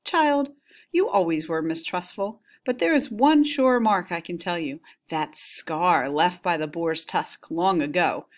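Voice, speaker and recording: A woman's voice: on the low side, animated, unhurried. A woman voicing an old nurse who is eager and insistent, read aloud with emphasis. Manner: pleading, emphatic reading aloud.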